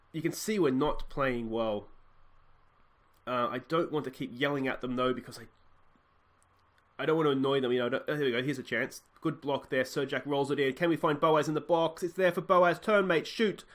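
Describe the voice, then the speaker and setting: Excitable Australian man commentating his game. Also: mid-range voice. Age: 30s. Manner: excitable, swings from shouting to deflated murmurs. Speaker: gaming video host. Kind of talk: live football game commentary.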